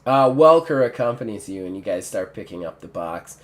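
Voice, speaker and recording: A man's voice: fairly low pitch, lively intonation, a little fast. Rambling male game master. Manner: rambling, filler-heavy, self-correcting. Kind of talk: narrating a tabletop game.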